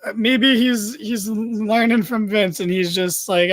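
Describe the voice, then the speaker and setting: A man with a high voice gives eager, opinionated takes and swears without a second thought. His sound is dry and close, with no room around it. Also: fairly even intonation, unhurried, no room sound. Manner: enthusiastic, swears freely. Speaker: podcast co-host. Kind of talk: casual opinionated chat.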